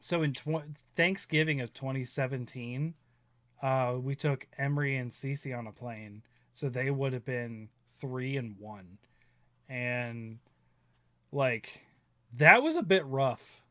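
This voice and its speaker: A man's voice: medium pitch, slow pace, pushed and bright, no room sound. A man in his thirties, chatting casually and telling rambling stories, often laughing and acting out quotes. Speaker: stream host. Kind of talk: casual chat.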